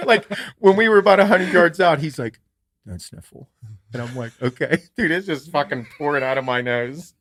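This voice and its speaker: A man hosting a podcast, telling a story in a casual, animated way and swearing freely. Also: fairly high pitch, a little fast, few pauses. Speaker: podcast host.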